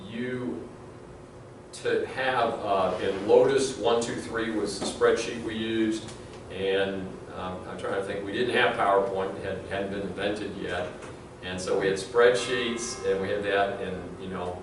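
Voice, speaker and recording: Middle-aged man, law professor, rambling lecture, lowish voice, echoey classroom recorded from afar. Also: fairly even intonation, unhurried, distant mic, background noise. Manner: conversational, anecdotal, frequent fillers and restarts. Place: large classroom.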